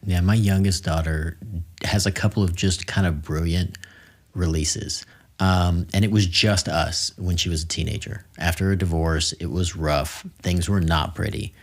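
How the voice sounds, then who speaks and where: A middle-aged man with a fairly low voice, hosting a conversational podcast interview. He tells personal stories openly and slips in self-deprecating humor. His pace is unhurried. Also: steady tone. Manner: candid storyteller, self-deprecating jokes. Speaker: podcast host.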